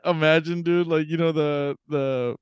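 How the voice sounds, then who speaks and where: A man's voice: a little high, fairly even intonation, unhurried, clean tone, no room sound, dull audio. Laughing, profane man hosting a podcast. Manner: laughing storyteller, loose and profane. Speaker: podcast host. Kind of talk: casual chat.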